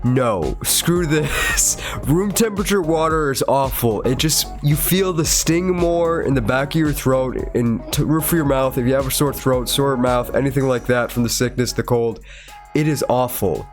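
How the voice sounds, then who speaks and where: Rating foods on a tier list, a VTuber host with a cold speaks in a slightly nasal, mid-range voice at a moderate pace. He's chatty and rambling, chuckling along in his room as faint music plays behind him.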